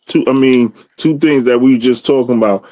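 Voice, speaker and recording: Man, casual podcast talk, rambling, mid-pitched, dry close sound. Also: moderate pace, dark tone, no room sound. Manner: loose, conversational, frequent "you know what I mean". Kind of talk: casual religious discussion.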